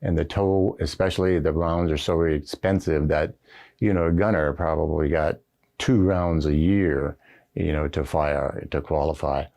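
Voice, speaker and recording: Older man, very deep voice, gravelly, retired general, folksy storytelling, recorded interview. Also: steady tone, unhurried, warm tone. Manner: folksy anecdotal storytelling with frequent fillers. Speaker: retired Marine general telling stories. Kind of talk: recorded oral history interview. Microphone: camera setup with interviewer behind it.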